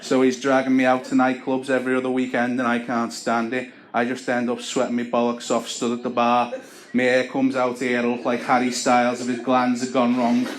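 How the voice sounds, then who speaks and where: Dry stand-up comedian. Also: male voice, medium pitch, monotone, fairly quick, heavy background noise. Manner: dry, self-deprecating storytelling. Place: comedy club stage with audience. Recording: echoey club with crowd laughter.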